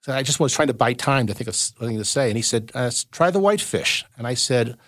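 A man's voice: mid-range voice, fairly even intonation, fast, fairly bright tone, no echo, clean studio sound. A man from Southern California spins long showbiz anecdotes as a podcast guest. He talks in a loose, rambling way, often restarting his sentences mid-thought. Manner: rambling storyteller with frequent restarts. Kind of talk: casual anecdotal chat.

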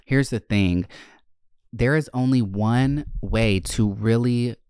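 A young man hosting a podcast, answering listener questions in a chatty, expressive way and swearing casually. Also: medium pitch, slow pace, clean tone, no echo, clean studio sound. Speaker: podcast host. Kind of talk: casual Q&A chat.

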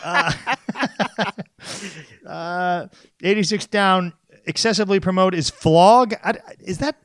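Brief: male podcast co-host, high voice, stammery easygoing delivery, dry close-mic sound. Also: clean tone, no room sound. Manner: easygoing, stammers and restarts, quick to tease. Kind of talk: casual chat about crossword clues.

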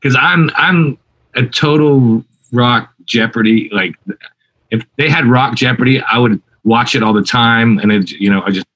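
A man, a guest musician, telling an animated story in a casual interview, with many fillers and restarts. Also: mid-range voice, a little slow, dull audio.

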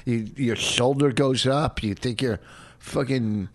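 A man's voice: mid-range voice, takes it slowly. A middle-aged man co-hosting a podcast with his wife, teasing her in a mock-exasperated way. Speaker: podcast co-host. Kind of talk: casual bickering chat.

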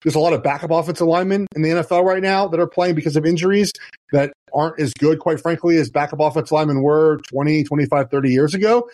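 A man's voice: on the high side, quick pace, a little mellow, no echo. Male ex-player guest, thirties, explanatory and chatty, dry close sound. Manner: explanatory, many restarts and "you know". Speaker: guest, former NFL player. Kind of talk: casual podcast chat.

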